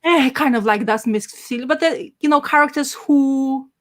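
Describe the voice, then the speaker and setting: A woman's voice: sits high, normal speed. A woman chatting casually as a podcast co-host, rambling with enthusiasm and many fillers and restarts. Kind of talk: casual chat.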